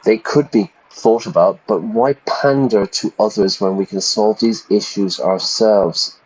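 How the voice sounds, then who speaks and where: Slightly low-voiced man, chatty teacher type, reading game text aloud and explaining words. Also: unhurried, darkish tone, slightly rough, rough recording. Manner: chatty, stops to explain vocabulary; stumbles over repeated words. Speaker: English teacher streaming a game.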